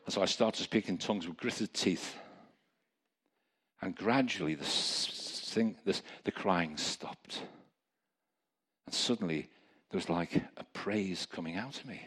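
Low, husky preacher man. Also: measured pace. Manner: storytelling, animated, chuckling asides. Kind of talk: testimony sermon.

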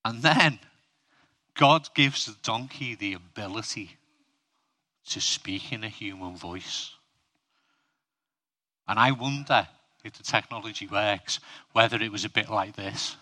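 Male preacher, bright sharp tone, humorous sermon delivery. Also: on the low side, unhurried, pauses often. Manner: humorous and chatty, asks the audience questions.

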